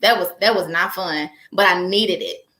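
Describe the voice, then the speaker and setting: A young woman, a guest, chatting in an interview with an animated storytelling manner. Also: lowish voice, normal speed, reverberant. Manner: animated storyteller, laughs often. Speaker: guest, entrepreneur. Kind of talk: casual interview chat.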